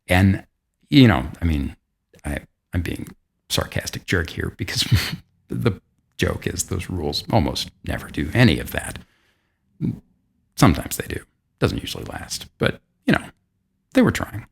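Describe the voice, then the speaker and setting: A man with a low, deep voice hosts a podcast and tells a history story in his own casual way. He talks in a chatty, self-deprecating style, full of asides and quick restarts. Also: very animated, vocal fry, slightly rough. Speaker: podcast host.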